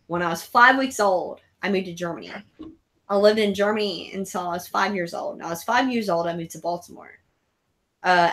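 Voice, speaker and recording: A woman hosting a live casual chat, telling rambling, excitable stories. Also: medium pitch. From raised abroad in military families. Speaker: host of a live horror chat show.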